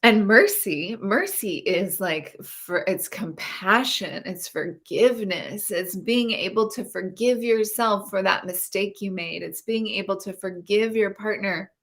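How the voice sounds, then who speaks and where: A woman's voice: mid-range voice, unhurried, few pauses, fairly bright tone. A woman coaching about relationships and intimacy in an earnest, spiritual way, speaking straight to viewers of a live stream.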